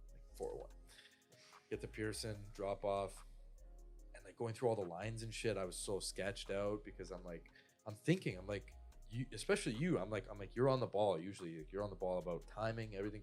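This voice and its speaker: Brief: young Canadian man, lowish voice, rambling profane podcast storyteller. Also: fairly quick, a little mellow, faint music behind. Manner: rambling, profane, lots of "like" and "I'm like". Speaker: podcast co-host. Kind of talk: casual storytelling among friends.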